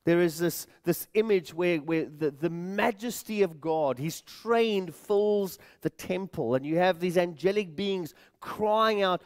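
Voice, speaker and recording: A man's voice: high-pitched, a little slow, few pauses. A man preaching a sermon in a church, earnest, repeating words and addressing the congregation as friends. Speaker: pastor.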